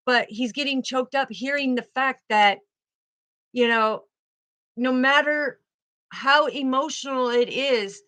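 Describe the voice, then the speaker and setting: Bright-voiced woman giving a tarot reading. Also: a little high, no echo. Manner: emphatic, repeats key phrases. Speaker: tarot card reader.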